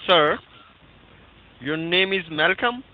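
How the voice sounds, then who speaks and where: A man's voice: high voice, expressive, slow. A man with an Indian accent on a phone call as a tech support caller, insistently repeating "sir" and "hello". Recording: tinny phone line.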